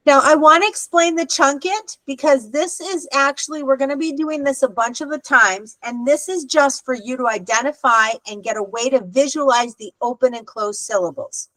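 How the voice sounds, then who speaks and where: A woman's voice: high voice, moderate pace, few pauses, fairly bright tone, no room sound, low-quality recording. A woman teaching an adult Hebrew class over a video call, explaining patiently and checking in with "okay" often. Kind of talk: online adult class instruction.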